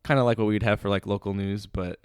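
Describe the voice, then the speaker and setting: A man's voice: on the low side, fairly even intonation, fast talker, a little mellow, smooth, dry recording. Laid-back man host, dry close sound. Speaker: podcast co-host. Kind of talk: casual comedic chat, reading listener stories.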